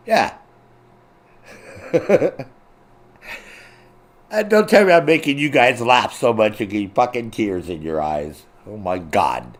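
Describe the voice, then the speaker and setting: A man's voice: sits low, big pitch swings, takes it slowly, long pauses. A middle-aged man streaming live, chatting casually with his viewers, swearing freely, joking crudely and laughing often. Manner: crude, profane, laughing a lot, reads chat.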